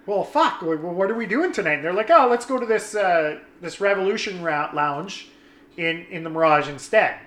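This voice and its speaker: A young man telling a story in casual chat, animated and swearing, acting out his friends' lines. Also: high-pitched, moderate pace, reverberant.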